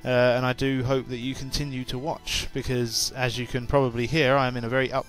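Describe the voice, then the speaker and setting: A man's voice: mid-range voice, flat delivery, a little fast, faint music behind. Rambling, chatty young Englishman. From England. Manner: rambling, chatty, many fillers and restarts. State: just woken up and tired, with hiccups. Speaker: YouTuber. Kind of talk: casual chat to camera.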